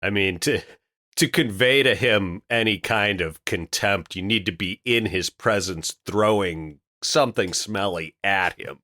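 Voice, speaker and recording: A man co-hosting a podcast, talking casually with animated, laughing banter. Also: on the low side, a little slow, dry recording, clean studio sound. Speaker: podcast co-host.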